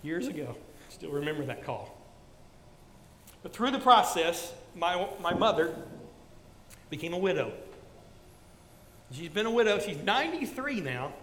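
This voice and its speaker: A man's voice: sits high, sing-song, a little slow, pauses often, a little hiss or hum. Earnest older male preacher in a hall. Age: around 60. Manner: earnest, repetitive exhortation, drops soft for stories. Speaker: pastor. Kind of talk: sermon.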